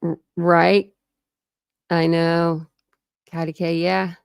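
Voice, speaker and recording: A woman's voice: fairly low pitch, level tone, drawn-out words, creaky, smooth, dry recording, clean studio sound. A woman from Ohio hosting a casual true crime live stream, rambling, laughing often and answering chat comments. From Ohio, USA.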